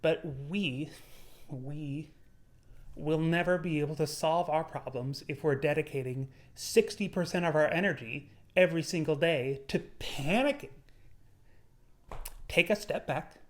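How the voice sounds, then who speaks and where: A young man talking to his viewers in an earnest motivational monologue, his voice sitting a little high for a man. He paces it out and lingers on the words he wants to land. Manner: earnest, measured, slowing on key words. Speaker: YouTuber.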